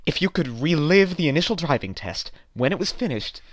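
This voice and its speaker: A man's voice: a little high, a little fast. A man playing a pedantic bureaucratic clerk lady. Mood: smug bureaucratic. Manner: deadpan, pedantic, coolly condescending. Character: officious, unhelpful female DMV clerk. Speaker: voice actor. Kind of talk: amateur voice-over radio-play acting.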